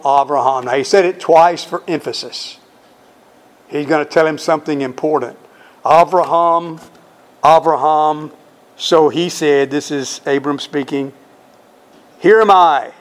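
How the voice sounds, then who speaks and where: Slow, emphatic male preacher. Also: on the high side. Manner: emphatic, drawn-out stresses on key words; reads scripture aloud, then explains it. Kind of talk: sermon.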